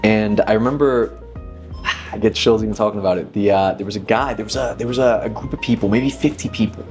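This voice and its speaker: A man's voice: on the low side, fairly even intonation, a little fast, soft background music. A man in his thirties, a magician, talking reflectively as an interview guest, with frequent restarts. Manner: thoughtful, many restarts, leans on 'inevitably'. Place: dinner table.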